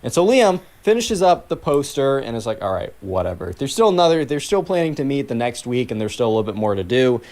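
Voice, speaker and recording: A man's voice: medium pitch, animated, fast talker, hardly any pauses, a little mellow. A man telling a story in a casual, rambling way, full of filler words, while he plays a game. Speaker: gaming channel host.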